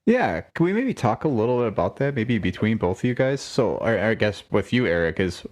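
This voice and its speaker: A man's voice: on the low side, very animated, brisk, a little mellow. A man co-hosting a podcast in casual chat, rambling with many restarts and laughing often. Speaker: podcast co-host.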